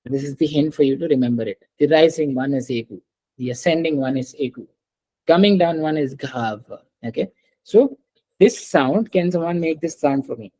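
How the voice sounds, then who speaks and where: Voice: medium pitch, dark tone, rough recording. Patient teacher. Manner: patient, repeats words slowly and calls on students. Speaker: French teacher. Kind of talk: online class lecture.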